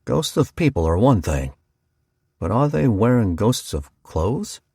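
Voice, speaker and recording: Man voicing a big farmer: thick drawl, slow, plain, deep and dry. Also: big pitch swings, creaky, warm tone, husky, dry recording, full character voice. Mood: musing.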